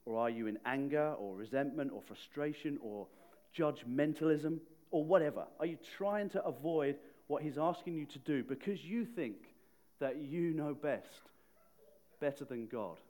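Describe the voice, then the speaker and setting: A male preacher giving a sermon in a chatty, conversational way, with a voice a little higher than most men's. He keeps turning to his listeners with direct questions. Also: moderate pace, darkish tone. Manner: conversational, asks the audience questions.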